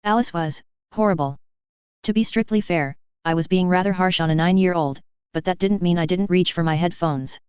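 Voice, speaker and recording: A woman narrating a first-person story in a steady, even reading voice. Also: fairly low pitch, normal speed, smooth, no room sound. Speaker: fan fiction reader. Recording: dry, slightly dull lo-fi recording.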